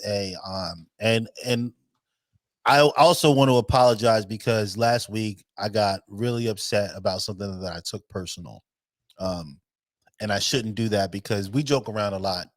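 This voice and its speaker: A man's voice: on the low side, no echo. A man co-hosting a podcast, talking brashly and emphatically in casual chat. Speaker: podcast co-host.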